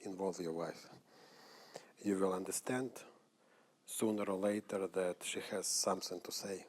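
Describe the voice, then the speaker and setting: A man's voice: low voice, level tone, measured pace. A man giving earnest advice to other husbands at a church seminar. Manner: earnest, advising. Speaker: co-speaker at a parenting session.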